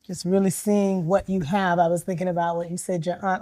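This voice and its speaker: A woman's voice: on the low side, flat delivery, fairly quick, mellow, no echo. A woman minister hosting a church panel discussion, encouraging and affirming her guests as they talk. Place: church studio.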